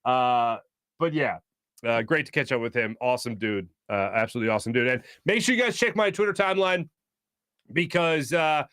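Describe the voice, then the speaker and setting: A man's voice: medium pitch, lively intonation, a little fast, a bit bright, smooth, no room sound, clean studio sound. Chatty male sports talk host. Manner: chatty, rambling, lots of fillers. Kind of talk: casual sports radio chat.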